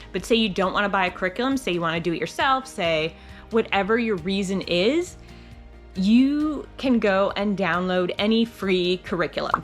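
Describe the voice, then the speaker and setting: A woman's voice: medium pitch, a bit bright. A middle-aged woman hosting a homeschool channel, giving casual advice in a chatty, rambling way with frequent restarts. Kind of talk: casual advice talk to camera.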